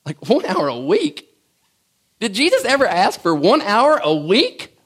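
A man's voice: very high voice, huge pitch swings, unhurried, fairly bright tone. A man preaching a sermon in a folksy, joking way, often stumbling and restarting his phrases. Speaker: pastor.

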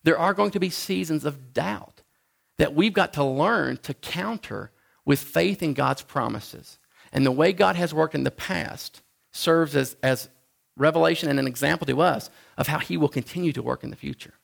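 A man preaching a sermon in a conversational, halting way, often restarting his sentences. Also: gravelly. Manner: acts out the Bible figures in a higher voice. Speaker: pastor.

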